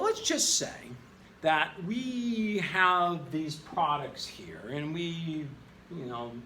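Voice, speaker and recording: A male chemistry teacher talks through a whiteboard lesson, recorded by a camera in his classroom. His slightly higher voice swings widely, and he keeps breaking into jokey high exclamations. Faint room noise sits under him. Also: a bit bright.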